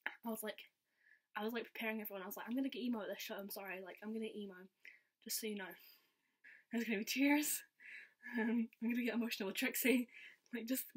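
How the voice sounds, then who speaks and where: A young woman chatting to camera, telling a story with a steady mid-pitched voice. She fills her talk with "like" and acts out what people said. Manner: chatty, says "like" all the time, acts out quotes. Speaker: vlogger. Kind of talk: casual storytelling.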